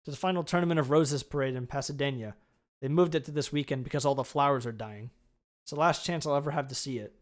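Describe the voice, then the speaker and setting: A man's voice: medium pitch, quick pace, close to an everyday voice. A man reading a livestream script, voicing a kind, level-headed grown woman florist in his own voice. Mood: wistful. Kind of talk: script read aloud on a livestream.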